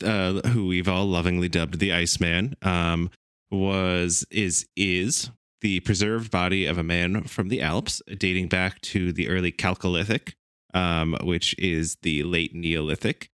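Deep, smooth-voiced enthusiastic man. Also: slow, fairly bright tone, no room sound, studio quality. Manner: enthusiastic, explanatory. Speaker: podcast co-host presenting the topic. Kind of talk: casual podcast chat.

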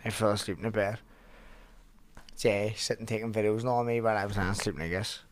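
A man's voice: lowish voice, quick pace. A young man with a Belfast accent, a podcast guest telling a story in casual chat with lots of swearing. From Northern Ireland. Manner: animated storytelling, heavy swearing.

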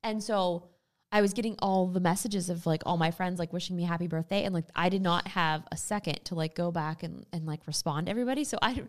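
A woman in her late thirties co-hosting a casual chat, rambling and cutting herself off. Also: fairly low pitch. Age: 30s. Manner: fast, rambling, self-interrupting.

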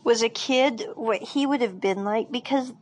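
A woman's voice: a little high, moderate pace, rough recording. A woman casually recapping a drama episode, rambling with frequent fillers and restarts.

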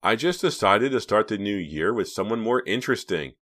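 A man reading an audiobook, voicing a cold, mocking teenage girl with a sharp, cutting manner, his voice raised to a higher pitch. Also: lively intonation, a little fast.

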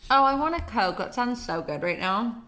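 A woman's voice: fairly high pitch, animated, moderate pace, pushed and bright. A woman co-hosting a podcast in casual chat, blunt and outspoken. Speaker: podcast co-host.

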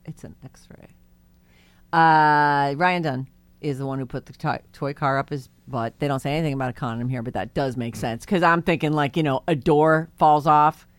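A woman co-hosting a podcast in casual chat, chatty and given to trailing off into a soft murmur. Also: deep voice, fairly even intonation, normal speed, no room sound. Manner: chatty, trails off, drops to a murmur when musing. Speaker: podcast co-host.

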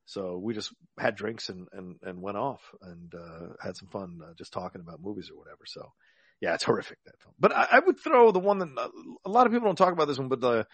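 A man's voice: on the low side, fast talker, no room sound. A man co-hosting a podcast, chatting casually about movies and telling stories in a rambling, profane way. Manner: animated, profane, rambling storyteller. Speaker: podcast co-host.

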